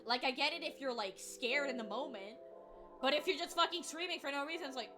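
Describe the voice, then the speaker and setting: A high-pitched young woman chats casually on a stream. She rambles and swears through her stories, breaking into laughs, with clear music playing behind her. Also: a little fast. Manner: profane, rambling, laughs often. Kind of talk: casual chat storytelling.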